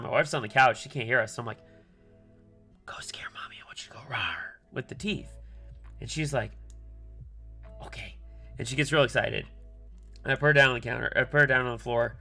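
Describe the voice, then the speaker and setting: A man in his thirties rambles through a casual story on a live stream, stopping now and then to mutter about the work in his hands. His voice has a gravelly texture. Soft music plays quietly in the background. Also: mid-range voice. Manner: rambling, filler-heavy, mutters asides to himself while soldering. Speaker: streamer building a keyboard. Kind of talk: casual storytelling while working.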